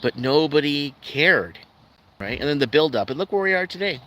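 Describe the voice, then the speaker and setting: A man's voice: on the high side, moderate pace, muffled recording. A man hosting a live stream, rambling and ranting skeptically while reading out viewer comments. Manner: ranting, skeptical, loose and rambling with frequent restarts. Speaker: livestream host. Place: at home in Calgary. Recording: steady background noise with passing vehicles.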